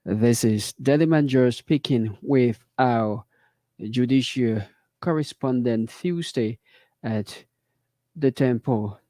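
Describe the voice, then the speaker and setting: A male Liberian news anchor with a Liberian English accent reads court and political stories in a measured, formal way. His voice has a mellow tone. The recording is close and dry. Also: mid-range voice, no echo. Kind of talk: read news report.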